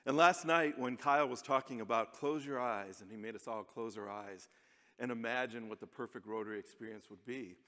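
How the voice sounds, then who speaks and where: On a big conference hall stage, an American man gives a chatty, self-deprecating talk and laughs often. His mid-range voice is brisk, pushed and bright, and the hall adds a long reverb.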